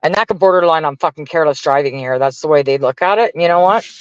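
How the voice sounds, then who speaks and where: A man's voice: fairly high pitch, fast talker, clean tone, no room sound, highs cut off. A man venting casually to his stream viewers, profane and exasperated as he rants. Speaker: livestreamer talking to chat.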